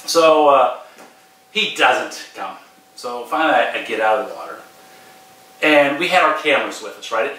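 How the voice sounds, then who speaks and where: A man's voice: medium pitch, sharp tone, a little hiss or hum. A middle-aged man, a podcast host, telling a personal story in a casual, profane, emphatic way. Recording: very echoey room, distant mic.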